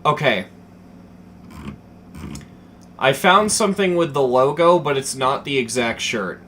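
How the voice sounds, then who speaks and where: A young man chatting casually as a streamer, telling a story with lots of swearing, dropping to mumbles and then getting excited. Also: medium pitch, normal speed, a little hiss or hum. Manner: animated, profane, swings between mumbling and excited.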